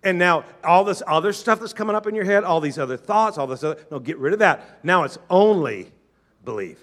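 A man preaches a fervent sermon in a high, bright voice. He calls on his listeners to say lines back to him. He plays their doubts in a lower tone before answering them. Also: expressive, brisk. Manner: acts out doubters' objections in a lower, quieter voice. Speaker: pastor.

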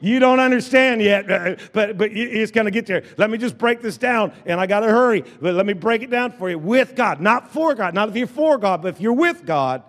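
A man's voice: high voice, lively intonation, brisk, hardly any pauses. Man, pastor, sermon, call-and-response, repeats phrases, long church echo. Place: church sanctuary with congregation.

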